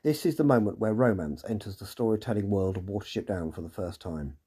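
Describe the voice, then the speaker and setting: A man's voice: lowish voice, brisk, dark tone, husky. A man hosting a podcast, reading a scripted episode recap with dry, sarcastic asides. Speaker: podcast host and narrator.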